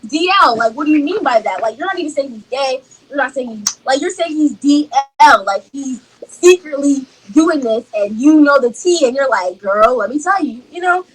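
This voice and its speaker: A woman's voice: high voice, animated, moderate pace, slight background noise, low-quality recording. A young woman telling a casual storytime, rambling and repeating herself as she acts out what people said. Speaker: storyteller in a clip.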